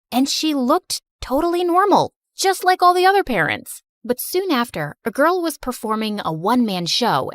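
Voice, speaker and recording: A woman narrating an animated story in the first person, in an expressive, confessional tone. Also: on the high side, no echo, studio quality.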